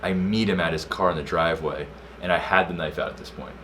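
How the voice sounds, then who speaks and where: A young man co-hosting a casual podcast, telling a story with slang and loud acted-out quotes. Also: low voice, fast talker, slight background noise. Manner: animated storyteller, slangy, acts out quotes loudly. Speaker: podcast co-host.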